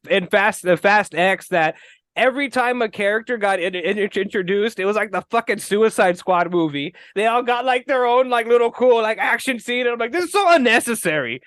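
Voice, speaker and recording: A man with a high, light voice co-hosts a loose podcast conversation. He rants with animated, cursing energy and laughs often. The sound is close and dry, with no room around it. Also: moderate pace, no room sound. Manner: animated, profane ranting with frequent laughs. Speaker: podcast co-host. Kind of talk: casual movie-talk chat.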